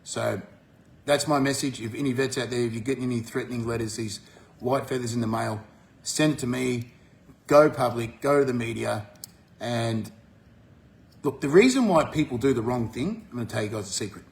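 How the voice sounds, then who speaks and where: An Australian man talking bluntly to his viewers, swearing often and jumping up in pitch when he gets fired up. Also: moderate pace, creaky. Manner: forceful, swears freely, rises sharply when fired up. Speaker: vlogger. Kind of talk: blunt monologue to camera.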